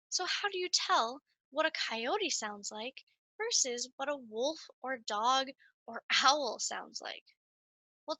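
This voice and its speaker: A woman giving a lively, sing-song nature lesson to young children while playing a coyote mascot. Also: a little high, no room sound. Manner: animated, sing-song, speaks straight to children.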